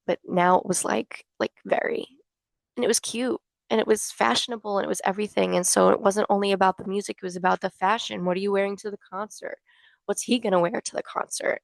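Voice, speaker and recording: A woman's voice: mid-range voice, fairly even intonation, fast, gravelly, no echo. A young woman vlogging casually as a fan, chatty and gushing with many fillers. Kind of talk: casual fan talk to camera.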